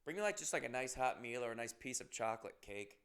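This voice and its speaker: A man's voice: medium pitch, expressive, fast, fairly bright tone, clean tone. A man hosting a podcast, telling rambling, self-deprecating stories and swearing often. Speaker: comedian and podcast host. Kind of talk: casual podcast monologue.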